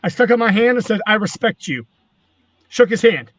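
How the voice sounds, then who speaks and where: Man with a high voice, casual rambling storyteller, profane, dry close sound. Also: expressive, moderate pace, no echo. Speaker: former wrestling manager.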